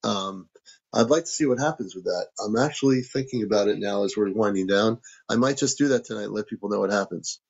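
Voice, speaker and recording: A man's voice: fairly low pitch, a little fast, creaky, slightly rough, dull audio. A man hosting a casual livestream from home, reading out viewer comments and thanking people for gifts. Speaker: livestream host.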